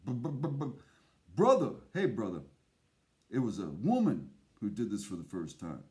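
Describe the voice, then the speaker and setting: Lively, profane rambling male host. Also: lowish voice, normal speed. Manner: profane, erratic, theatrical. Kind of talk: rambling comic monologue.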